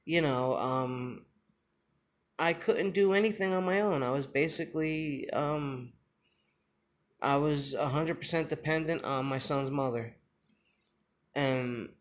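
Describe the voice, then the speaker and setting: In a confessional vlog, a young father with a mid-range voice tells the story of his injury. His delivery is emotional and halting, full of pauses and fillers.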